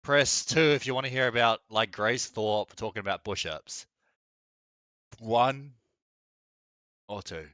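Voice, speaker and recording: A man's voice: low voice, pushed and bright, dry recording. Crude, joking male streamer. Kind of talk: casual reaction commentary.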